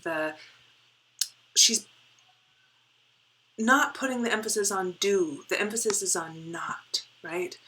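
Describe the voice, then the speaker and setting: Bright-voiced woman teaching a poem. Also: medium pitch, takes it slowly, long pauses, slight background noise, low-quality recording. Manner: explains step by step, often asks "right?"; drops to a soft whisper while reading and counting. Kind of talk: poetry lesson with board work.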